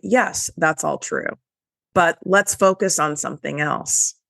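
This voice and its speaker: A woman's voice: deep voice, slow pace, gravelly, bright, forceful tone, dry recording, studio quality. A woman hosting a motivational podcast, talking casually and emphatically straight to her listeners, with a stuffy nose. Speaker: podcast host.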